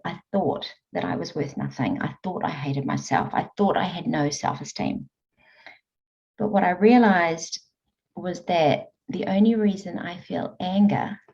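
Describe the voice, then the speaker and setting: Woman coach in an interview, lowish voice, earnest storytelling, kinda dull lo-fi sound. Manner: earnest, animated storytelling with frequent laughs. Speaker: guest, emotional eating coach. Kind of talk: conversational interview. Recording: dull lo-fi audio.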